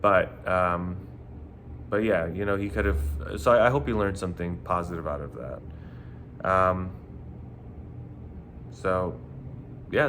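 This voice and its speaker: A man who used to be a nightclub bouncer tells stories casually, with punchy, animated delivery, lots of "you know" and free swearing. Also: fairly low pitch, a little hiss or hum. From New York. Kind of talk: casual storytelling monologue.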